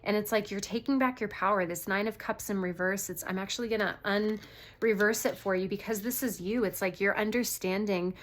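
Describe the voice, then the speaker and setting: A woman's voice: medium pitch, steady tone, fairly quick. Young female tarot reader, casual and earnest, rambling with restarts. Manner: chatty, earnest, many fillers and restarts. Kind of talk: casual tarot reading to viewers.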